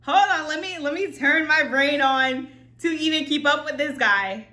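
Woman, reaction host, excitable, thinks aloud, fairly high voice. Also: moderate pace, echoey room. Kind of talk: casual reaction commentary.

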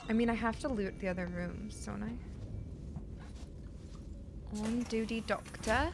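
A woman's voice: medium pitch, a little slow, creaky, background noise. A young woman from the USA live-streaming a horror game, chatting to viewers and yelping and swearing when startled. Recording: game music behind the voice.

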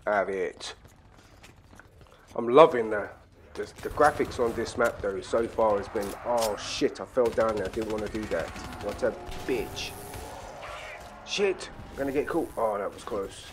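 A man giving crude, profane commentary while playing a game, full of excitable banter and sudden shouts. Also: on the low side, unhurried, noisy background. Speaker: gaming channel host. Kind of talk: profane casual gameplay commentary.

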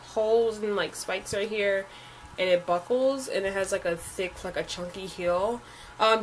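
A woman's voice: medium pitch, a bit bright, slight background noise. A young American woman rambling through a shopping haul in a casual vlog, with lots of "like" fillers. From United States. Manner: rambling, says "like" a lot. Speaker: haul vlogger.

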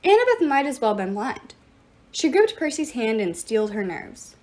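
A woman reading a novel aloud as the narrator, in an expressive, dramatic way. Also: fairly high pitch, moderate pace. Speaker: audiobook reader. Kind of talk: storybook narration.

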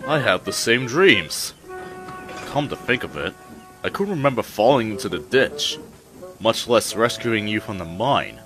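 A man doing a slow, proud express engine. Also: lowish voice, big pitch swings, rough recording. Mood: puzzled. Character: proud big male express engine, shaken. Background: music.

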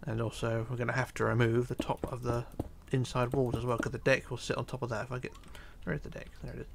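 A sleepy tutorial host talks fast through a build in a casual game, his gravelly voice low-key and relaxed, with a faint hiss and keyboard clicks audible. He yawns, counts blocks under his breath, and at times drops nearly to a whisper.

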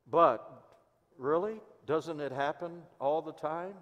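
A man with a Midwestern American accent, a pastor preaching a sermon in church and telling stories, swinging between loud emphasis and hushed asides. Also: on the high side, takes it slowly. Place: church sanctuary. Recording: long hall reverb.

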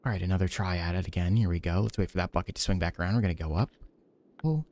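Soft-spoken man with a gravelly voice. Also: low voice, racing. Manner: quiet, gentle self-talk with casual swearing. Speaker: game streamer. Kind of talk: soft-spoken ASMR gameplay commentary.

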